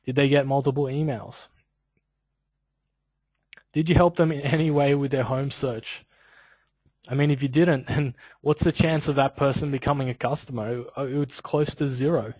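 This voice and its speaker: A man's voice: medium pitch, fairly even intonation, moderate pace, long pauses, a little mellow, slightly rough, no room sound, rough recording. A man presenting an instructional webinar in a loose, conversational way, full of casual asides. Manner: conversational, loose, peppered with "you know" and "like".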